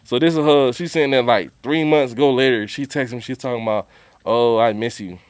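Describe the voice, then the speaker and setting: A man co-hosting a podcast, telling a story in animated, slangy casual talk and acting out quotes. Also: medium pitch, fast, no echo. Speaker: podcast co-host.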